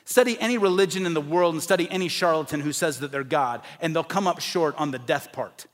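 A man preaching an evangelistic sermon, emphatic, rising to forceful peaks and dropping low, sometimes acting out the voices of doubters. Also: a little fast.

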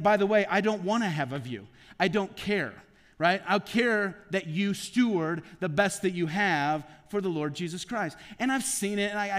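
Male pastor with a high voice, preaching conversationally in rapid rhetorical questions, long church-hall echo. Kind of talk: conversational sermon. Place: church sanctuary.

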